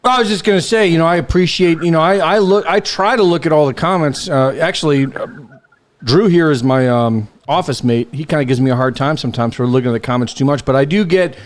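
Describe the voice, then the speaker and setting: A man's voice: fairly high pitch, quick pace. A man hosting a podcast, rambling and hesitating as he talks. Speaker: podcast host. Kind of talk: casual podcast chat.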